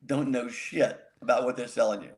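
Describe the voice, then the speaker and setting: A man with a gravelly, mid-pitched voice co-hosts a podcast. He gives wry, knowing advice in casual chat. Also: brisk, darkish tone. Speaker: podcast co-host.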